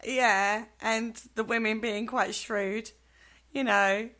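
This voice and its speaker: A woman's voice: on the high side, steady tone, slow pace, bright, forceful tone. A woman co-hosting a show in a casual chat. She talks with enthusiasm and laughs easily. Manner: enthusiastic, laughs often, chatty. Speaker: co-host.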